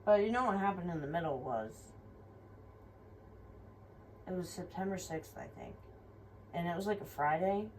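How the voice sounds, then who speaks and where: A woman's voice: on the low side, lively intonation, normal speed, long pauses, a little mellow. Rambling, profane young woman. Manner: rambling, frank and profane, full of fillers. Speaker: vlogger. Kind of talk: casual personal storytelling. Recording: somewhat distant mic with faint room noise.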